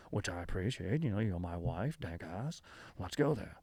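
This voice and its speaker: A man's voice: low-pitched, expressive, moderate pace, a little mellow, breathy edge, no echo. A man hosting a comedy history podcast, talking loosely and rambling with lots of fillers and casual slang.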